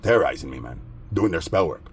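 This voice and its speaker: A man's voice: rumbling low, lively intonation, fast, slight background noise. A man rambling through a story in casual street slang, aggrieved and agitated. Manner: streetwise, peppered with "man" and "bro". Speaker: vlogger.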